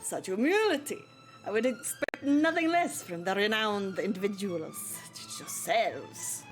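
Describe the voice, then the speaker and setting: A woman's voice: mid-range voice, animated, unhurried, soft background music, natural voice. A woman voicing a flamboyant male fox prince in a put-on Spanish accent, grand and courtly, while reading a visual novel aloud.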